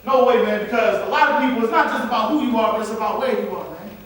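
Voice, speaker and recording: A man's voice: high voice, quick pace, a bit bright. A man giving a motivational talk in a preacher-like way, calling out to the audience. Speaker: motivational speaker. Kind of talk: motivational speech. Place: large hall. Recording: echoey hall from far off, faint noise.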